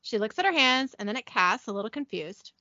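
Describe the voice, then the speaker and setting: A young woman hosting a podcast, casually recapping a TV episode from her notes, giggly and brisk. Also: fairly high pitch, animated, bright, forceful tone, dry recording, highs cut off. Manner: giggly, reads scene descriptions briskly.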